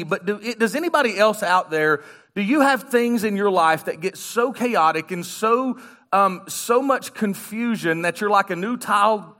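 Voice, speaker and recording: A man preaching as a guest pastor in a church, talking to the congregation in a loose, joking way. His voice sits high and sounds bright and forward. He keeps it conversational throughout. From United States. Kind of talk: sermon. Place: church sanctuary.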